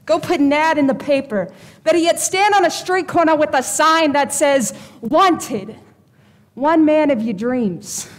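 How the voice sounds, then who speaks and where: A woman's voice: high-pitched, a little slow, big-room sound. A woman playing a blunt, wisecracking fake fortune teller in a stage play.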